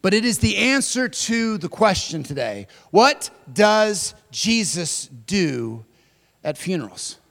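A high-pitched male pastor delivering a sermon, his voice ringing with a long reverb through a large hall. He shifts from loud, emphatic declarations to soft, hushed passages and speaks to his listeners directly as "friend". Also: very animated, slow, vocal fry.

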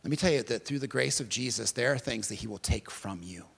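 A male pastor delivering an impassioned sermon at a church service, swinging from hushed to emphatic. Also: mid-range voice, a little fast, creaky, breathy edge, big-room sound.

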